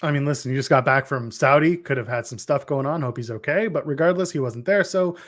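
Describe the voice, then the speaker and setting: A young man co-hosting a podcast, casually chatting about wrestling with quick joking asides. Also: mid-range voice, a bit bright. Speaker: podcast co-host.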